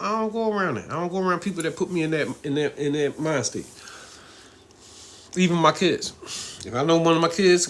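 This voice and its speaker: A man's voice: medium pitch, sharp tone. A middle-aged man hosting a casual live stream, talking in a loose, rambling way, laughing often and asking "you know what I mean?".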